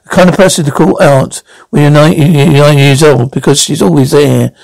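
A man playing a cold, gravelly cartel lawyer. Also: fairly high pitch, fairly even intonation, moderate pace, a little mellow, dry recording, poor audio. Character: menacing male cartel lawyer, calm and cold.

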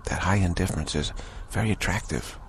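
A man giving a slow, contemplative spiritual talk, halting and repeating words, his voice rough with early morning. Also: deep voice, animated, a little hiss or hum. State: early morning voice, clearing throat. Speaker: spiritual teacher.

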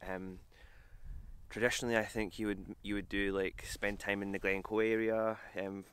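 A man's voice: on the low side, level tone, normal speed, a bit bright, clean tone. A man talking casually to camera on a travel vlog, chatty and self-deprecating, on a hiking trail outdoors. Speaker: vlogger.

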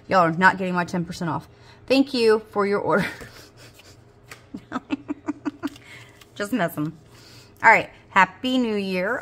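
A woman in her 40s hosts a budgeting video, chatting casually as she unboxes supplies. Her medium-pitched, slightly bright voice moves at normal speed with frequent pauses, and she gushes, gasping and squealing with delight.

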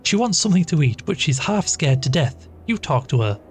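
A man voicing a hearty, mischievous young country woman who talks brisk and impatient. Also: on the high side, sing-song, faint music behind, pitched above the performer's own voice. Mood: bossy.

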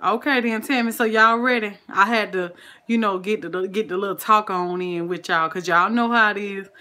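Bright-voiced Southern woman chatting with viewers. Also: medium pitch, normal speed. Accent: Southern American. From Southern United States. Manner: folksy, sprinkles "honey" and "child", greets viewers by name. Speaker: cooking livestream host. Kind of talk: casual livestream chat with viewers.

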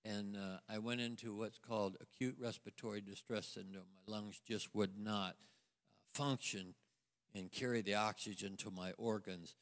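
An older man, a guest minister telling a testimony with halting restarts. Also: on the low side, steady tone. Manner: storytelling, halting restarts, acts out quoted voices. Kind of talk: sermon testimony to a congregation. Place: church sanctuary. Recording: long church hall reverb.

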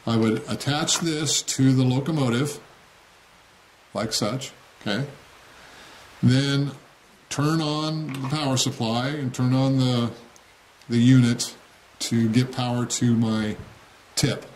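A man at a middle pitch explains a hobby project step by step in a relaxed tutorial manner. He keeps things plain-spoken and often pauses to ask "okay?". A faint hiss of noise sits under the recording. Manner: plain-spoken, frequent "okay?" check-ins. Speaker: model railroad hobbyist demonstrating. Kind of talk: casual how-to tutorial.

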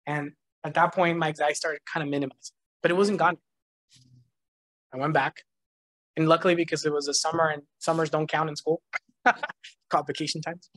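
Man, church testimony, animated storyteller who laughs often, dry close recording. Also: a little high, no room sound. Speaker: church member giving a testimony.

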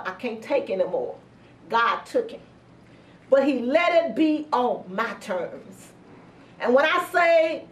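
Woman pastor, sermon testimony, high voice, roomy church sound from a distance. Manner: slow, earnest storytelling with heartfelt pauses.

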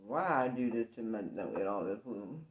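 A tired, sleepy woman hosting a casual eating show, talking slowly between bites. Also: a bass voice, expressive, reverberant. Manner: drowsy, unhurried, talks between bites. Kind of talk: casual mukbang chat.

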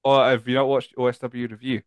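A man's voice: medium pitch, little pitch movement, fairly quick, clean tone, no echo. A Scottish man hosting a podcast, chatty and tired, reading out listener questions with lots of fillers. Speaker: podcast host. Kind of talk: casual chat.

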